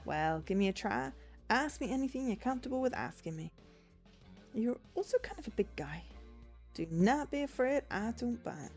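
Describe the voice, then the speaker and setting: A woman's voice: on the high side, animated, normal speed, darkish tone, soft background music. A woman voicing a folksy, smug big male bartender spirit in a put-on, exaggerated American drawl, calling people little lady and sweetie while reading a visual novel aloud. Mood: amused.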